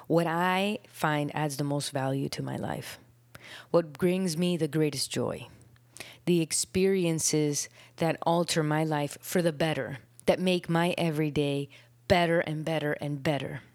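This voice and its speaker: A young adult woman hosting her own podcast, a little out of breath, talking in an earnest, reflective way, with phrases trailing off into soft breathy whispers. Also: deep voice, a little slow, no room sound. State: out of breath after illness. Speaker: podcast host. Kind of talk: casual solo podcast talk.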